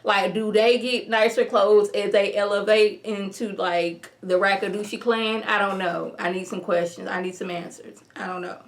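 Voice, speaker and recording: A woman vlogger talks through a TV episode in a loose, chatty way, her voice sitting at a medium pitch. She keeps the recap animated, jumping into the characters' lines as she goes. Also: moderate pace, hardly any pauses. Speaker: TV review vlogger.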